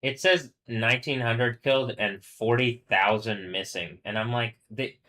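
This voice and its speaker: Rambling man with a bright edge. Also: medium pitch. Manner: rambling, swearing, halting restarts; reads news aloud, stumbling over words. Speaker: streamer. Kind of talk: casual live-stream monologue.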